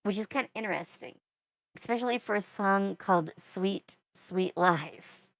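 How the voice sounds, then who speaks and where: A woman's voice: mid-range voice, moderate pace, vocal fry, dry recording. A woman in her forties giving casual reaction commentary as a VTuber, with wry, rambling asides.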